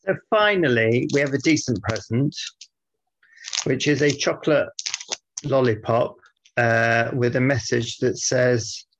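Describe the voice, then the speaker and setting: Male co-host from the north of England, deadpan needling banter, raspy fry. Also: mid-range voice, a little hiss or hum. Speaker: podcast co-host. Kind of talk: comedy podcast banter. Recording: dull lo-fi sound.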